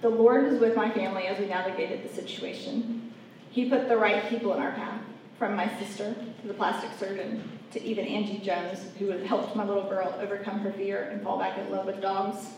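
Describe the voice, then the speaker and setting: A woman's voice: mid-range voice, fairly even intonation, brisk, darkish tone. A woman giving an earnest, heartfelt faith testimony, talking straight to her audience. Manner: earnest heartfelt storytelling, addresses audience directly. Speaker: speaker sharing a personal testimony. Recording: echoey room, mic at a distance, faint background noise.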